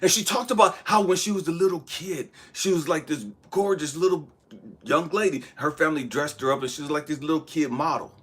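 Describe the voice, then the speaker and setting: A man's voice: fairly high pitch, a little fast, a bit bright, slightly rough. A man in his thirties giving a spiritual motivational talk, preaching with bursts of emphasis that drop to near-whispers. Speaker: motivational speaker.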